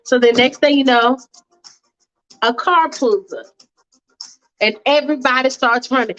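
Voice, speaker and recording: A woman's voice: high voice, unhurried, long pauses, a bit bright, highs cut off. A woman casually narrating a fan-fiction story in a chatty, slangy, playful way.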